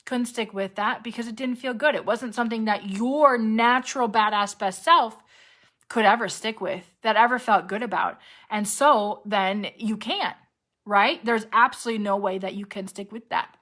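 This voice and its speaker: A woman health coach giving a casual, animated motivational talk, full of "right?" and "like", acting out panicky inner voices with sudden jumps in pitch. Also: moderate pace.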